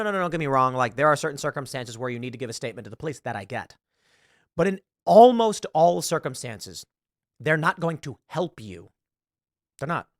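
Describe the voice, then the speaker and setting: A man hosting a talk show, reading an article aloud and retelling stories in a sarcastic, animated way. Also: a little high, no room sound, studio quality. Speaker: podcast host.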